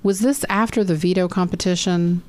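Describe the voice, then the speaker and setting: A woman's voice: lowish voice, fairly even intonation, moderate pace, a little mellow, no echo. A young woman chatting casually as a podcast co-host, recapping scenes and quoting the people in them. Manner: chatty, retells scenes with quoted voices. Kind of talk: casual chat recapping a reality show.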